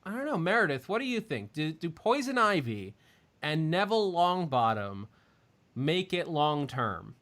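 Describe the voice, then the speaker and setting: A man's voice: fairly high pitch, big pitch swings, measured pace, fairly bright tone. A man hosting a podcast in casual chat, rambling with many fillers and restarts. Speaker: podcast host.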